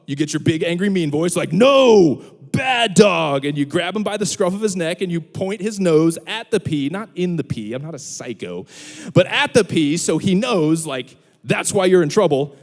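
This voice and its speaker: A young male student pastor preaching with humor, acting out little voices as he tells a story. His voice sits high and swings widely in pitch. It rings with the long reverb of a large auditorium. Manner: animated storyteller, acts out voices. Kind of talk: youth sermon with humor.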